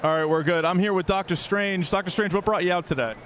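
A man asking playful questions of costumed fans outdoors. His voice is fairly high, with faint traffic behind. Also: quick pace, fairly bright tone. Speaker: convention interviewer. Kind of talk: street interview.

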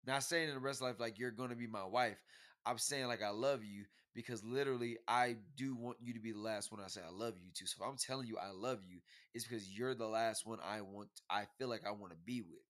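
A man's voice: on the low side, fast talker, a bit bright. A young man in a casual couple's debate, arguing hard, talking over his partner and stumbling over repeated words. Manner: argumentative, talks over her, repeats words when cut off.

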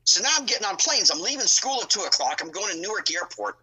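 A middle-aged man telling stories as a podcast guest, animated and acting out other people's lines in his own telling. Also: high-pitched, fast, slightly rough, poor audio. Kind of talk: casual storytelling.

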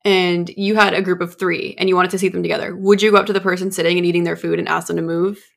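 A woman's voice: fairly low pitch, flat delivery, fast talker, creaky. A woman in her twenties co-hosting a podcast, chatting casually and telling rambling stories. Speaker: podcast co-host. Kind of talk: casual chat.

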